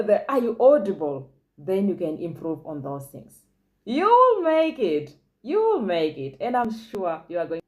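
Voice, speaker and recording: A woman's voice: medium pitch, dark tone. A woman giving an English lesson in a chatty, encouraging way, speaking directly to the viewer. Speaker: English teacher. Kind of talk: casual spoken lesson giving tips.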